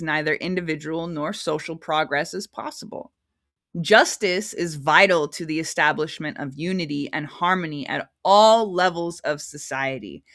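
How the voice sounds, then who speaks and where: A woman's voice: on the low side, fairly bright tone. A woman hosting a casual livestream, reading scripture aloud with frequent giggles and chatty asides. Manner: giggly, chatty, prone to tangents.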